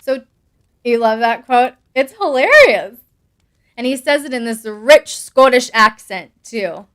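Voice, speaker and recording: A woman's voice: a little high, lively intonation, a little slow, fairly bright tone. A young adult woman hosting a live stream, reading viewer comments aloud with bubbly asides and frequent laughs. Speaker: host answering patron questions.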